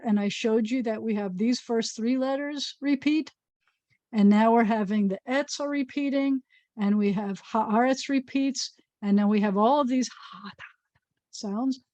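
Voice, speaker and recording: A woman's voice: on the high side, warm tone, no echo, muffled recording. A woman rabbi teaching a Hebrew reading lesson, patiently explaining and sounding out words.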